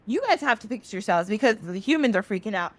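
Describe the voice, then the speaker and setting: A woman's voice: medium pitch, lively intonation, fast talker, natural voice. Woman voicing a fed-up, scolding sky deity. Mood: exasperated. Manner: exasperated, scolding, casual modern slang.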